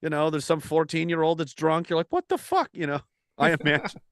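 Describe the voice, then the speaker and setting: A man hosts a loose satirical chat, ranting and swearing as he mocks people. His voice sits on the high side, with a dry, close sound. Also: little pitch movement, a little fast, a bit bright, clean tone, no echo. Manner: profane, ranting, mocking. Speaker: host. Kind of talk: casual satirical commentary.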